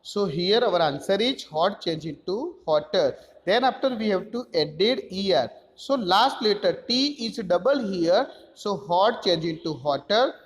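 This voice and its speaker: A man's voice: high voice, lively intonation, unhurried, in a large hall. A man teaching a grammar lesson, explaining step by step and spelling out letters.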